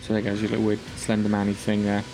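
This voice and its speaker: A man hosting a relaxed gaming podcast over an online call, his voice sitting a little low as he rambles. He trips over restarts and fillers and breaks off to cough now and then. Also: fast, soft background music. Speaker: podcast host. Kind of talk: casual gaming news chat.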